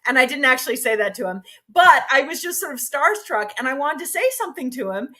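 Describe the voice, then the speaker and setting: A woman author, a guest on a podcast, telling an anecdote in a lively, self-deprecating way. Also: high voice, a little fast. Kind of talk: casual storytelling in an interview.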